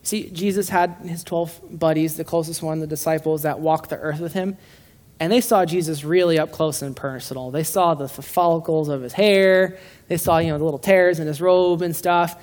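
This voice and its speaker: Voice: medium pitch, steady tone, moderate pace, darkish tone. A laid-back preacher addressing a congregation in a room, talking in an easy, joking way. The delivery is full of stumbles and restarts, with a voice that sits in a middle register. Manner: informal and joking, with frequent restarts. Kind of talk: casual conversational sermon.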